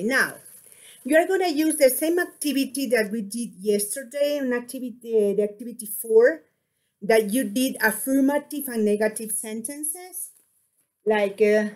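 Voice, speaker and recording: A woman with an Ecuadorian Spanish accent teaches an online English class, speaking slowly and deliberately. Her voice sits somewhat high, and she repeats short phrases to model intonation. She comes across as a patient teacher.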